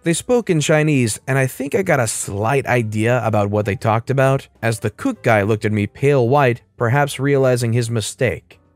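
A man reading an online story aloud as a first-person narrator, in a lively scripted style. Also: mid-range voice, normal speed, hardly any pauses, no echo, soft background music.

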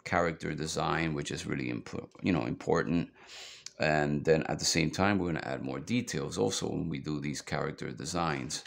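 Brief: deep, gravelly male art instructor, loose and chatty. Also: normal speed, a little hiss or hum. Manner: rambling, chatty, lots of fillers. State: hiccups. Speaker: drawing instructor. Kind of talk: casual drawing tutorial.

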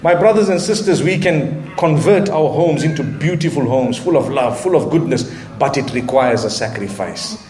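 A man's voice: medium pitch, animated, normal speed, hardly any pauses, a little mellow, roomy sound, a little hiss or hum. A man delivering an earnest sermon with Arabic phrases and touches of light humor. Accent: Southern African English. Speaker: preacher.

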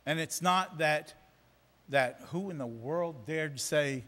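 A man's voice: medium pitch, measured pace, sharp tone. A man preaching a sermon, emphatic and repeating phrases for effect. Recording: long reverb of a church hall.

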